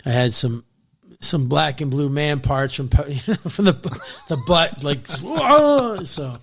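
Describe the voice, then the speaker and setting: A man from New Jersey, a podcast guest, telling fishing stories in a casual, animated way, laughing often and trailing off mid-sentence. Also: on the high side, slow, vocal fry, slight background noise.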